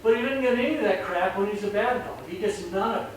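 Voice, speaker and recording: Brief: high-voiced male dog trainer, rambling casual talk, faint noise in the background. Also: quick pace. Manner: rambling, chatty, acts out voices. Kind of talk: casual explanation on camera. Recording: very echoey, distant mic, faint noise.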